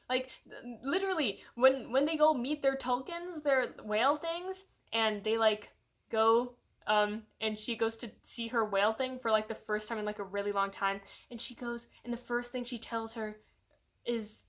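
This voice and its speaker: A young woman giving a casual, rambling movie review in her own channel's video, animated and full of fillers, slipping into voices when she quotes characters. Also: a little high, moderate pace. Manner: rambling, animated, heavy use of "like".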